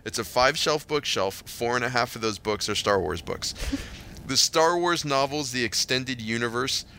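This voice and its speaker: A man's voice: mid-range voice, expressive, normal speed, creaky, sharp tone, a little hiss or hum. A man co-hosting a casual talk show, blunt and rambling with a wry edge. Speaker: podcast co-host. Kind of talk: casual chat.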